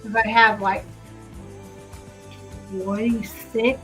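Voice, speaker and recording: A woman's voice: fairly high pitch, little pitch movement, drawn-out words, bright, forceful tone, soft background music, low-quality recording. A woman hosting a home vlog, chatting casually and reading official text aloud, often drifting off to react to what she reads. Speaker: channel host. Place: home in a residential cul-de-sac.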